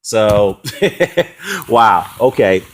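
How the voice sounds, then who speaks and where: A man's voice: fairly low pitch, big pitch swings, drawn-out words. A man talking in a heated, mocking vlog rant, with frequent fillers and short laughs. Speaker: boxing commentary vlogger. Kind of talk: casual ranting response video.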